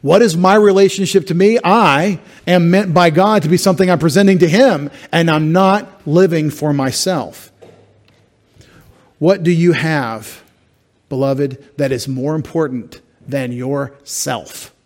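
A man's voice: a little high, a little slow. A middle-aged man pastor preaching an expository sermon, explaining Greek words step by step with wry asides. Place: church sanctuary.

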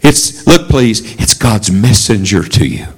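Man, preacher, sermon, lively swooping delivery, call-and-response with congregation. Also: measured pace, husky, poor audio. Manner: animated, swooping pitch for emphasis. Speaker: traveling preacher.

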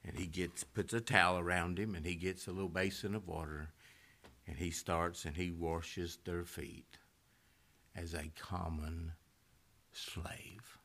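Preacher guy, deepish voice but real bright and punchy, goes loud then drops to a near whisper. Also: flat delivery, normal speed. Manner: swings from loud rising exhortation to hushed near-whisper. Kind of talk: sermon.

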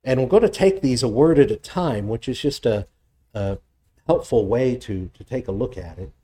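A man delivers a teaching sermon in a mellow, relaxed voice, thoughtful and steady. He stops now and then to restart a phrase. When he reads scripture aloud, his voice rises for emphasis. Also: medium pitch, normal speed. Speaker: pastor. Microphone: presenting with slides on screen.

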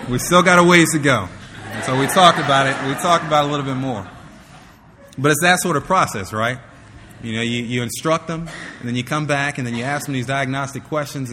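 A man's voice: mid-range voice, fairly bright tone, in a large hall, slight background noise. A man preaching to fathers, teaching earnestly and telling a personal story. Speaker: pastor. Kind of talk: sermon.

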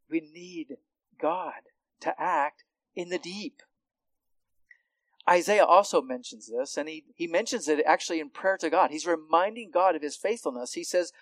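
A man preaching with a fairly high voice, building from hushed teaching to loud, urgent peaks. The sound is dry and close, with no room echo. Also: unhurried. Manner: swings from quiet to loud, impassioned when calling out. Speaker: pastor. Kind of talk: sermon.

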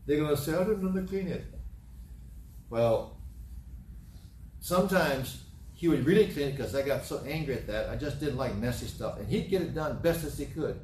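Folksy and repetitive, a middle-aged man delivers a sermon as pastor, spinning homely stories. He speaks at medium pitch, expressively and at a moderate pace with a darkish tone; the roomy, distant-mic recording has slight background noise and faint ambience.

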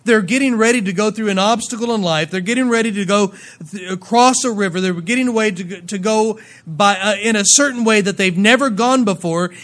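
Speaking a little fast, this high-voiced pastor preaches a sermon to his congregation, reading passages of scripture before breaking off into playful asides. He alternates between loud, emphatic moments and soft, dropped endings.

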